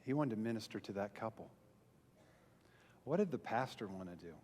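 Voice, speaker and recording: A man's voice: on the low side, lively intonation, fairly quick, darkish tone, a little hiss or hum. A man, a pastor, telling a self-mocking story to a church audience and acting out the voices he quotes. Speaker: pastor and small group speaker. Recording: long hall reverb from a live venue.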